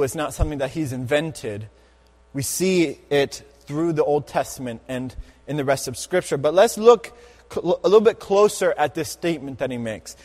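Emphatic preacher in a reverberant hall. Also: male voice, a little high, darkish tone. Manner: emphatic, slows and repeats key phrases. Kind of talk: sermon.

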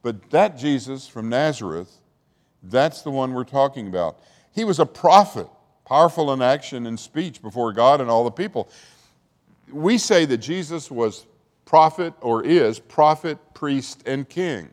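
A man preaching and teaching, telling a story with many restarts and becoming animated. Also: mid-range voice, a little slow. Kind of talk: sermon. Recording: hall reverb.

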